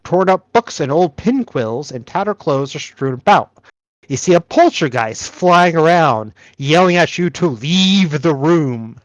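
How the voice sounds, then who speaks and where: A man's voice: on the high side, animated, measured pace, dry recording, highs cut off. A man narrating a tabletop game as game master, describing scenes with fillers like "uh".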